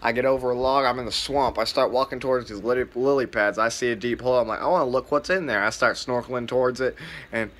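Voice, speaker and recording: Bright-toned man telling a rambling story. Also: mid-range voice, fairly even intonation, quick pace. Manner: laid-back, profane, rambling with many fillers. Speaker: vlogger.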